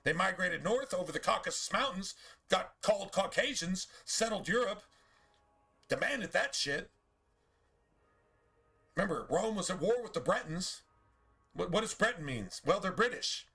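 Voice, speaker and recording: A man's voice: high voice, animated, normal speed, long pauses, bright, forceful tone, husky. A man streaming a game, talking in a casual, profane, preachy rant full of rhetorical questions.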